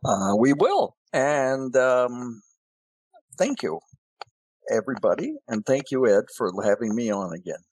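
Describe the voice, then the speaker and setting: A man's voice: mid-range voice, animated, unhurried, a little mellow, dry recording. A man appearing as a guest columnist on a talk show, answering with short, dry quips. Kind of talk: casual political talk show chat.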